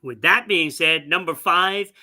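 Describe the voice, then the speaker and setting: Slow, bright-voiced sports co-host man. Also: on the high side. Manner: unhurried, many "um" pauses. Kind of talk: sports talk, ranking teams.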